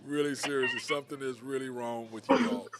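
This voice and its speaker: A man's voice: mid-range voice, sing-song, fairly quick, background noise. A man hosting a show from a bar, telling stories in casual chat and laughing a lot. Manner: laid-back storytelling, laughs a lot. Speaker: podcast host.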